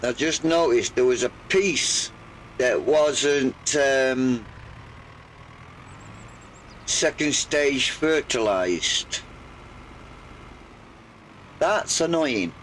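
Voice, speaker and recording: An older man with a slightly croaky voice, chatting in a rambling, hesitant way while streaming a farming game. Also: medium pitch, expressive, a bit bright, slight background noise, low-quality recording. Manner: rambling, hesitant, full of pauses. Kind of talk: relaxed live gameplay chat.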